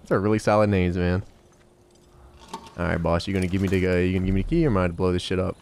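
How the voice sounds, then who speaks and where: A man giving casual, slangy gameplay commentary as a let's play host, excitable and bantering with game characters. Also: deep voice, racing, a little hiss or hum.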